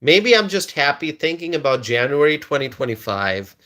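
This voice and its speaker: A man's voice: fairly high pitch, sing-song, moderate pace, bright, forceful tone. A man hosting a political live stream, who laughs often, repeats his words and reads viewer comments aloud. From United States.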